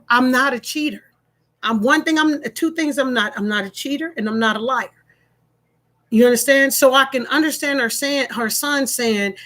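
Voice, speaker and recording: Emphatic high-voiced woman telling a story. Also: a bit bright. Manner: emphatic, repeats herself, acts out both sides of a phone call. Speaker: vlogger telling a personal story. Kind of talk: casual storytelling to viewers.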